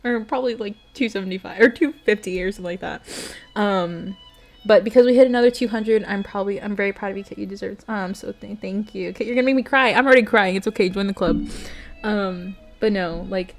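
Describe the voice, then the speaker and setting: A woman's voice: mid-range voice, fairly even intonation, fairly quick, a little mellow, soft background music. A young adult woman streamer reading a bedtime story and chatting with her viewers, earnest and emotional.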